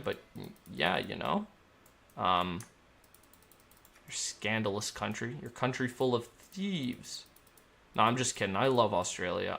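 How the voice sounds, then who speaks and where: A man's voice: fairly low pitch, vocal fry, fairly bright tone. A young man streaming, chatting casually while he plays, joking and rambling as he reads chat aloud.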